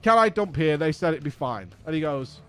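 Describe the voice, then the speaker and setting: English man, high voice, casual storytelling, exasperated, swearing, acts out dialogue. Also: expressive, brisk, a bit bright, faint music behind. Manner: exasperated, profane anecdote with acted-out dialogue. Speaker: streamer host.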